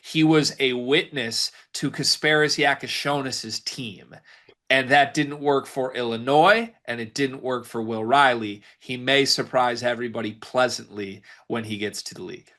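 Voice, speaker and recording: A man co-hosting a sports podcast, giving emphatic, rapid-fire scouting takes in casual banter. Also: mid-range voice, sharp tone. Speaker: podcast co-host.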